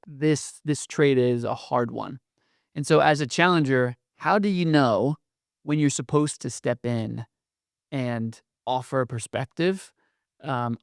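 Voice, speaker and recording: A man with a gravelly, creaky voice co-hosts a podcast conversation. He asks questions thoughtfully, pausing and hesitating as he works out what he wants to say. The recording is dry and close. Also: medium pitch, no room sound. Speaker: podcast co-host.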